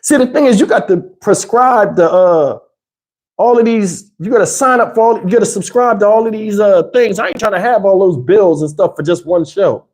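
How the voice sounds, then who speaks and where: A man's voice: sits high, normal speed, a little mellow. Laid-back Southern man telling stories. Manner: loose storytelling, laughs often, mimics movie lines. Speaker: livestream host. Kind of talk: casual live chat reading donations.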